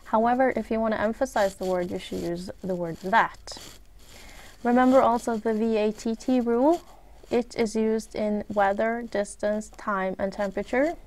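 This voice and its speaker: A native Swedish speaker with a Swedish accent gives a recorded English grammar lesson as a teacher. Her voice is on the high side and darkish, with a steady tone. She speaks in a measured way, going through examples one by one and often pausing on "uh."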